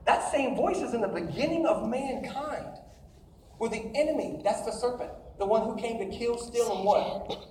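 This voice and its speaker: A man's voice: very high-pitched, animated, normal speed, a little mellow, slight background noise. Male preacher, emphatic sermon voice, quizzing the crowd; roomy, from a distance. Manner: emphatic, calls out to the crowd with questions. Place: large room with an audience.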